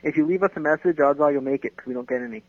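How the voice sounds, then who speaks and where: A man's voice: fairly high pitch, racing, no room sound, dull audio. A man co-hosting a casual book podcast, joking and teasing the others. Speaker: podcast co-host.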